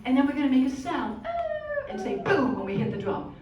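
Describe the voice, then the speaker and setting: A woman music educator leading an interactive workshop, calling out prompts and cues to a group in a lively, encouraging way. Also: medium pitch, brisk, noisy background. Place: large conference workshop room. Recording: echoey hall from far off, with drumming. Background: hand drums and group playing.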